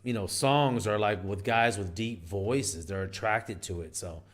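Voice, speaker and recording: A man's voice: fairly low pitch, a little slow. A man giving dating advice in a casual monologue, rambling and emphatic with lots of restarts.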